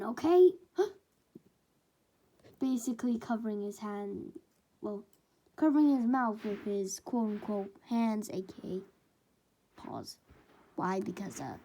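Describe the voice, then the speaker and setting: A woman's voice: a little high, mellow. A woman casually narrating a fan-made story, with rambling, chatty asides.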